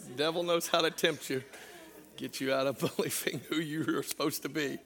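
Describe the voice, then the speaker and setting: A male pastor with a Southern US accent preaching a sermon, swinging from hushed asides to shouted declarations. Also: fairly high pitch, steady tone, normal speed. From Southern United States. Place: church.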